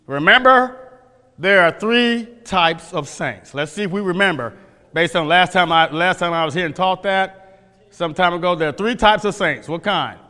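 A man's voice: high-pitched, normal speed, sharp tone. A male pastor teaching a sermon from scripture, emphatic, repeating phrases and quizzing the congregation. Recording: long hall reverb.

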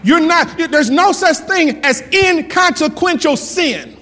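A male pastor preaching a lively sermon, repeating lines for emphasis and laughing often. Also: very high voice, takes it slowly, a faint crowd, a little hiss or hum. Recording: long hall reverb.

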